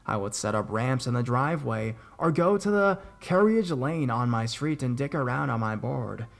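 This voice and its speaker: Gravelly-voiced young man telling horror stories. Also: medium pitch, expressive, normal speed. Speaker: horror story narrator. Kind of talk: scripted horror story narration.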